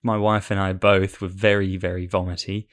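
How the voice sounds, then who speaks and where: A man's voice: low voice, little pitch movement, normal speed. A married man in his thirties co-hosting a podcast, self-deprecating and hesitant with lots of fillers. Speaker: podcast co-host. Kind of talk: casual chat.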